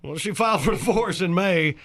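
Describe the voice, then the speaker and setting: Older man putting on a brash old rock singer voice, high-pitched, bright, gossipy, comedy bit. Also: brisk. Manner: jokey, gossipy delivery.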